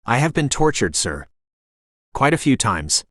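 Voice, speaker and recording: A man's voice: medium pitch, very animated, measured pace, fairly bright tone, no room sound, clean studio sound. A man voicing a terse former special-forces soldier, answering in clipped, respectful replies. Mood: calm. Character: calm, terse male ex-special-forces candidate.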